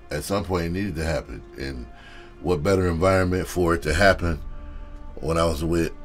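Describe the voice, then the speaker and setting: A male comedian telling a story in a loose, profane, casual way, often laughing and saying "you know". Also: sits low.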